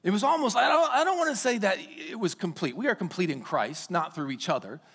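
A male pastor preaching a sermon in a church, animated and joking, breaking into sudden shouts. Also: high voice, fast, slightly rough. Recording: long reverb of a large hall.

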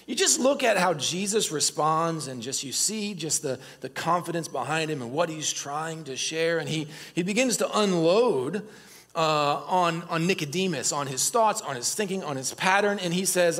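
A man with a high, husky voice preaches a casual, storytelling sermon. He talks to his listeners in an easygoing way. The sound carries a long hall reverb. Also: normal speed. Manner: casual, animated storytelling with asides to the congregation. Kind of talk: conversational sermon.

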